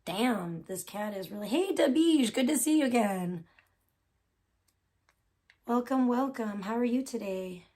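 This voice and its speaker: A woman livestreams from a room in her home and chats casually with her viewers. She rambles and circles back with plenty of fillers and restarts. Her voice sits fairly high. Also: expressive, measured pace, long pauses, dark tone. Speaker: livestream host. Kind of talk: casual chat.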